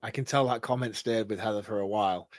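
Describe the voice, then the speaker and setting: A man's voice: on the low side, fairly even intonation, fast, no room sound, studio quality. A male podcast co-host in casual chat, teasing and laughing as he talks.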